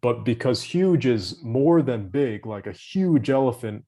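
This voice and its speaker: A man's voice: mid-range voice, animated, measured pace, mellow. A man tutoring English vocabulary over a video call, patient and encouraging, giving hints and praise. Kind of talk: online vocabulary lesson.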